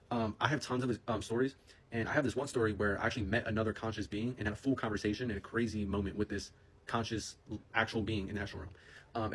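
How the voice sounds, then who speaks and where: A young man with a husky, slightly low voice tells a personal story straight into his phone camera. He talks quickly and excitedly, rambling through slang and fillers in a casual storytime style.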